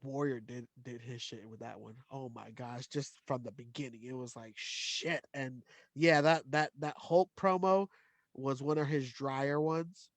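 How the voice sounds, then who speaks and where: A man co-hosting a wrestling podcast in casual chat, excitable, laughing often and stumbling over restarts. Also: mid-range voice, unhurried, dry recording. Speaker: podcast co-host.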